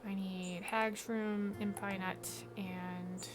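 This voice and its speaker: A woman streaming a video game, commenting in a dry, low-key way and muttering to herself. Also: flat delivery, extremely slow, background noise.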